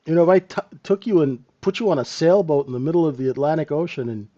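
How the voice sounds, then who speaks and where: Talking fast with lively intonation, a man with a warm, higher-than-average voice leads a live trading room and chats about the market. He checks in with his listeners a lot, keeps using tag questions and chuckles in asides. The audio sounds dull.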